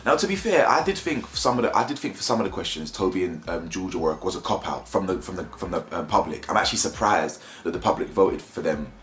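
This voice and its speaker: A man with a somewhat low voice rattles off a quick, blunt, slangy reality-show review. His manner is mocking and opinionated. The room behind him is bare and echoey. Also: lively intonation, fairly bright tone, slight background noise. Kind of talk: casual opinionated commentary.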